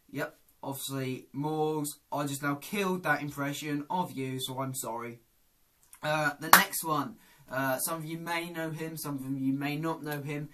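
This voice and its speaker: Vlogger, man, chatty and self-deprecating, unhurried delivery. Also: a little high, sharp tone. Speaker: YouTuber. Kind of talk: casual vlog.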